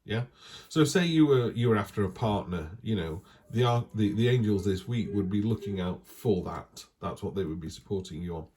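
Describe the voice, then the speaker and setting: A man's voice: on the low side, animated, moderate pace, darkish tone. A man giving a casual, chatty tarot reading, talking things through with reassuring asides. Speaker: tarot reader.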